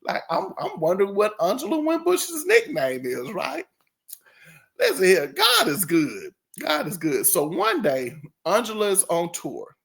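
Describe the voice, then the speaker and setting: A man hosting his own channel tells a story casually and ramblingly, laughing often and imitating the people in it. His high, fairly bright voice is creaky and unhurried, with wildly swooping pitch.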